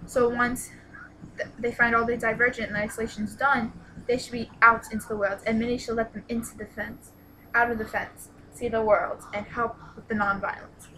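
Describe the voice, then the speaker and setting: Young girl rambling about a book she loved, kinda high voice, lotta hiss in the background. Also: normal speed, low-quality recording. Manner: excitable and gushing, exclaims "What? What?"; retells the plot with many "like"s and restarts. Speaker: book reviewer. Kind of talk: casual book review vlog.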